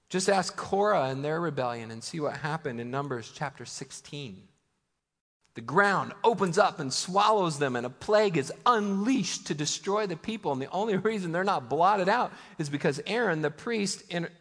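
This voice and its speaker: A man's voice: a little high, a bit bright. A man preaching a sermon in a church, conversational and emphatic, asking his listeners rhetorical questions. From United States. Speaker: pastor. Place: church sanctuary. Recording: long hall reverb.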